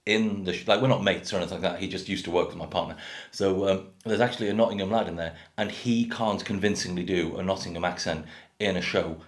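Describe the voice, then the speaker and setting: Man, 30s, generic English accent, sweary casual rant to camera, low voice. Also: steady tone, fast talker. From North Wales. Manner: blunt, sweary, rambling. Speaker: craft beer vlogger. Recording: echoey room.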